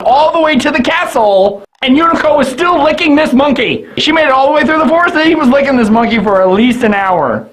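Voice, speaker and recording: A man's voice: very high-pitched, fairly bright tone, rough recording. Drunk guy reviewing an old cartoon, rambly and sweary, laughs a lot. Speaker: anime reviewer.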